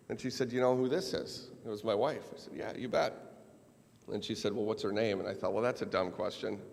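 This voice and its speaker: A man's voice: fairly low pitch, vocal fry, fairly bright tone. A man from Minnesota giving a keynote speech, telling a personal story with wry, self-deprecating humor. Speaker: keynote speaker. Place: large event hall. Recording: long hall reverb.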